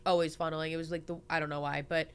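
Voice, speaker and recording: A woman's voice: low voice, little pitch movement, rapid-fire, smooth. A young woman hosting a podcast, telling rambling stories and swearing often in casual chat. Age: young adult. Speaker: podcast host.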